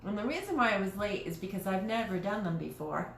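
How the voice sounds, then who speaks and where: A woman's voice: medium pitch, very animated, fast, gravelly. A woman hosting a casual live stream from her dining room, chatting in a rambling way and often restarting her sentences. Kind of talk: casual live-stream chat while crafting. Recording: roomy echoey home room, faint noise.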